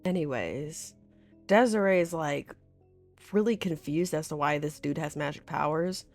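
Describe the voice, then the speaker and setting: A woman's voice: sits low, unhurried, a little mellow, soft background music. A woman vlogger recapping a series in casual, rambling chat, full of filler words. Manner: chatty and rambling, full of "like", with laughs and swearing.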